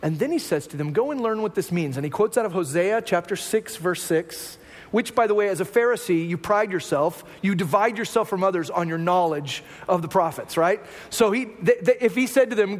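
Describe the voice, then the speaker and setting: A man preaching a sermon as pastor in a conversational way, dropping to hushed lines and rising to raised ones. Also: high-pitched, lively intonation, fairly quick. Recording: long hall reverb.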